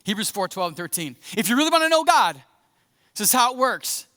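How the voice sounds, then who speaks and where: High-voiced, bright male pastor preaching. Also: fairly quick. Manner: animated, acts out Bible scenes, conversational preaching. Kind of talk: sermon. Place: church sanctuary. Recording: echoey church hall.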